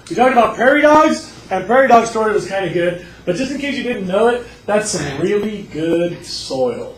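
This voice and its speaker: A male teacher giving a lively classroom lecture, telling stories and acting out voices. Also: high-pitched, moderate pace, recorded from a distance. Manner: animated storyteller, acts out voices. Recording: echoey classroom with faint noise.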